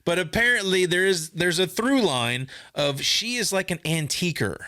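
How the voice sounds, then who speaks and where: A man's voice: high-pitched, expressive, moderate pace, pushed and bright, no room sound, studio quality. A man hosting a podcast who chats casually about a movie, rambling and poking fun at himself. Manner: rambling, self-mocking, laughs at himself. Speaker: podcast host.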